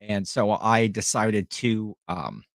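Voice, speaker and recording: A man's voice: on the low side, takes it slowly, vocal fry, no echo. Dry-sounding man chatting on a livestream. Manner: rambling, friendly, chatty with viewers. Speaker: livestream host and online reseller. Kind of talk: casual livestream chat.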